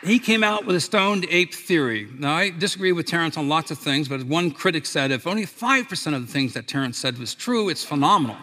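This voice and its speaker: A man speaking to an audience, spinning stories with lively energy and playing each character's lines. His voice is bright and fairly high, and it carries with a long reverb through a large hall. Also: a little fast, few pauses, slight background noise. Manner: animated storyteller, acts out quoted voices, laughs at his own stories. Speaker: speaker giving a talk. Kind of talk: storytelling talk to an audience.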